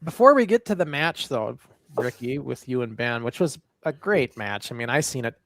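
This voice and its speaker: A man co-hosting a wrestling show, talking in a rambling, halting, good-natured way. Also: mid-range voice, animated, fairly bright tone, slight background noise. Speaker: co-host. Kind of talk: casual wrestling show chat.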